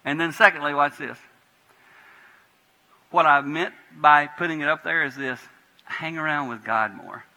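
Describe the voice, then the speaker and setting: A pastor delivers a lively sermon in a church sanctuary, his voice bright and piercing. He swings between quiet, prayerful passages and sudden emphatic bursts. A long reverb trails every phrase. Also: a little high, unhurried, long pauses. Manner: animated preaching, swinging from hushed prayer to loud emphatic bursts.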